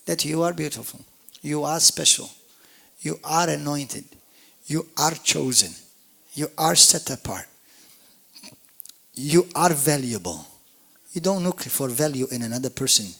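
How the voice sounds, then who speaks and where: A man with a Maltese accent, preaching a lively, joking sermon as pastor at a church service, calling on the congregation to answer back. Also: a little high, measured pace, vocal fry, long pauses. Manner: animated, jokey, call-and-response preaching.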